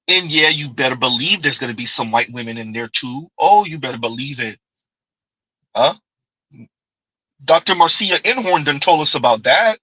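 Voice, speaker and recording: Bright, sarcastic commentary man. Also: fairly high pitch, animated, brisk, breathy edge, dry recording, low-quality recording. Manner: sarcastic, talks back to himself. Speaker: commentary host. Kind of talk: reaction commentary.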